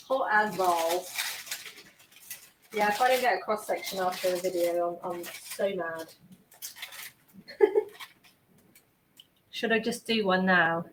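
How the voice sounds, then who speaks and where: A young woman chatting to her live-stream viewers as she bakes in her kitchen, excitable and sweary, often drifting away from the mic. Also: medium pitch, slight background noise. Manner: chatty, sweary and excitable, talking to chat while baking. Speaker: baking livestreamer. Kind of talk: casual live-stream chat. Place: home kitchen. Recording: echoey kitchen with faint ambience.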